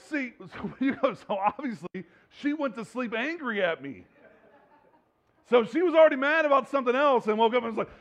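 Gravelly high-voiced man preaching. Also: animated, fairly quick, fairly bright tone, highs cut off. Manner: earnest, repeats words and restarts, laughs between points. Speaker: pastor. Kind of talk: sermon.

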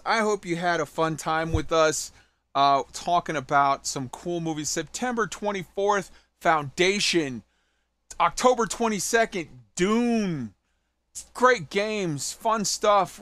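A man hosting a podcast in casual chat, joking and telling animated little stories. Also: fairly high pitch, no room sound. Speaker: podcast host.

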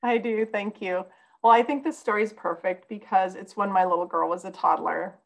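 A woman's voice: mid-range voice, moderate pace, vocal fry, poor audio. A woman guest on a podcast, telling a personal story in an earnest, conversational way.

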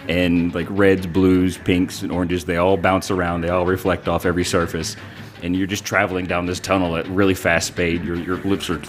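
A man narrating as game master in a tabletop game, rambling and halting. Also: sits low, fairly even intonation, soft background music.

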